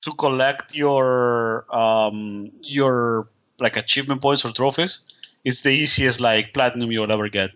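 A man's voice: medium pitch, fairly even intonation, unhurried, a bit bright. A man co-hosting a casual chat, easygoing, often restarting his sentences with stammers. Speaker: podcast co-host.

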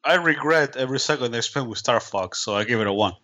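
Lively bright-voiced man, stammering chat. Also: medium pitch, fast talker. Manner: stammering restarts, easygoing. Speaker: podcast co-host. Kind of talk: casual chat.

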